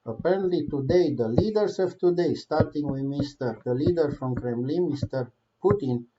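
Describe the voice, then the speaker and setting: A man's voice: on the high side, moderate pace, noisy background. A man giving heated political commentary in a vlog, impassioned, swearing, with non-native English phrasing. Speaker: vlogger. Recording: dull lo-fi recording.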